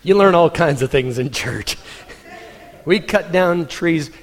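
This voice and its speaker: A middle-aged man preaching in a church, telling funny stories in an animated way and laughing at his own stories. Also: fairly high pitch. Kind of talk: humorous sermon storytelling. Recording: long reverb in a church hall.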